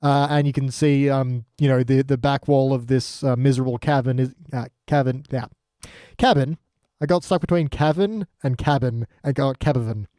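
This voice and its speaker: A man's voice: mid-range voice, steady tone, normal speed, hardly any pauses, warm tone, no room sound, studio quality. A man co-hosting a casual podcast, joking and acting out scenes in silly voices. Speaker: podcast co-host.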